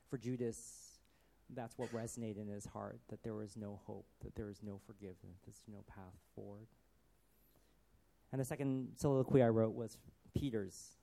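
A man preaching a sermon, earnest, often dropping to a soft voice. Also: fairly low pitch, steady tone, moderate pace, vocal fry.

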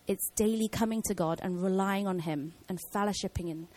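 A woman's voice: medium pitch, brisk, warm tone, low-quality recording. A woman giving an informal Bible teaching in a casual way, with many fillers and restarts.

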